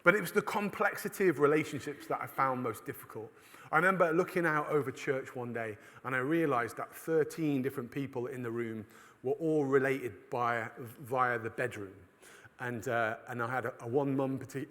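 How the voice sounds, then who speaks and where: A man's voice: mid-range voice, fairly quick, a bit bright. A man giving a humorous talk at a conference, telling stories from church life and acting out other people's voices. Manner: storytelling, acts out voices of others. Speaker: preacher. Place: church hall. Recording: long reverb of a large hall.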